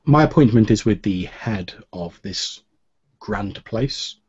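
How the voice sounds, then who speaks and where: A man doing a soft-spoken foreign masked stranger. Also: on the low side, animated, takes it slowly, breathy edge, dull audio, full character voice. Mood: grave, polite. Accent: slightly foreign-sounding. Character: quiet foreign masked male worshipper of fate.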